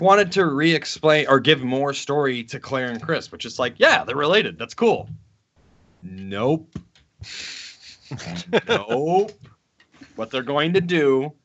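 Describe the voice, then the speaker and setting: A man's voice: medium pitch, a little hiss or hum. Man, gaming podcast co-host, crude and rambling rants, dull lo-fi sound. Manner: rambling, crude, animated ranting. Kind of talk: casual gaming chat. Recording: dull lo-fi recording.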